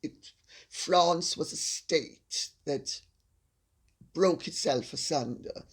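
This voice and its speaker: An older woman with a Jamaican accent, answering viewer questions in a measured, assured casual chat. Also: sits low, slightly rough.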